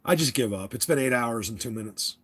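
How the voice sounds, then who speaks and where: A man's voice: medium pitch, lively intonation, fairly quick, fairly bright tone, a little hiss or hum. A young American man hosting a casual livestream chat, rambling and restarting his sentences as he talks to viewers. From United States. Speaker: livestream host.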